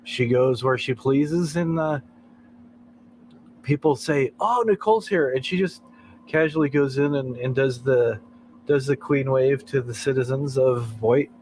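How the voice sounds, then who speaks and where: A man's voice: medium pitch, fairly even intonation, a little slow, darkish tone, a little hiss or hum, rough recording. An American man hosting a late-night livestream, chatting in a rambling way and chuckling often between thoughts. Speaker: livestream host. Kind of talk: casual chat.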